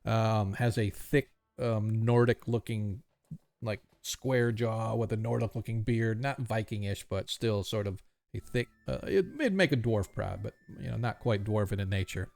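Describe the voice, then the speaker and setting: Gravelly-voiced man running a tabletop game. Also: fairly low pitch, moderate pace. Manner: casual, relaxed, with fillers. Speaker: game master.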